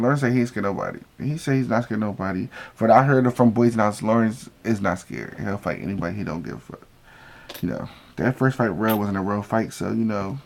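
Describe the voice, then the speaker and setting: A man recapping a reality show in a casual vlog, telling it as profane, gossipy stories and acting out what people said. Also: fairly low pitch. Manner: acts out quoted lines.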